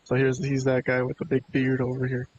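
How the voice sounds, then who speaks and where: A man's voice: medium pitch, completely flat delivery, fairly quick, a little mellow. Chatty man reviewing wrestling, lo-fi hiss. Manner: chatty, laid-back, chuckles often. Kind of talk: casual video review commentary. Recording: dull lo-fi with hiss.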